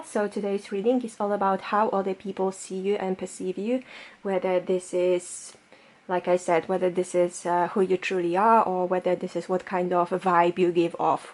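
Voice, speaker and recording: A woman's voice: mid-range voice, darkish tone. A woman tarot reader doing a pick-a-card reading straight to the camera. She talks in a loose, reassuring way, with lots of fillers.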